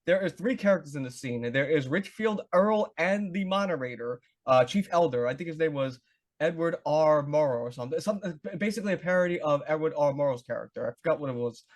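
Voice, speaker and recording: A man with a slightly higher voice hosts a relaxed chat. He talks eagerly and at length, like a devoted fan walking through favorite scenes. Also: fast talker. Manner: enthusiastic fan, retelling scenes with acted voices. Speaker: podcast host. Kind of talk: casual chat.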